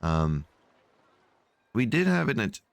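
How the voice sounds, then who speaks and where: A man's voice: medium pitch, sing-song, takes it slowly, vocal fry, dry recording. A sleepy man casually narrating his strategy game, rambling with many fillers and yawns, at a desk microphone at home. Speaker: gameplay channel host.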